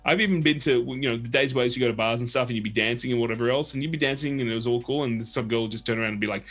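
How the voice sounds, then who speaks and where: A man's voice: mid-range voice, steady tone, very fast, hardly any pauses, a bit bright. A man hosting a casual livestream chat, telling long rambling stories and acting out the people he quotes. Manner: rambling storyteller who acts out quoted people. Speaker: show host.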